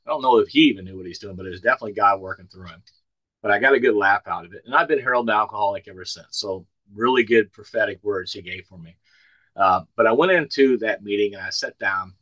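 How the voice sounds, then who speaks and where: A man in his sixties from the Ozarks, sharing his story at a recovery meeting over a video call. His voice sits a bit low and sounds bright and forceful. The sound is dry and close, and he spins his tale in a folksy, plainspoken way with dry humor. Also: fast talker, no room sound, dull audio. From Ozark Mountains, United States. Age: 60s. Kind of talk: personal testimony at a recovery meeting.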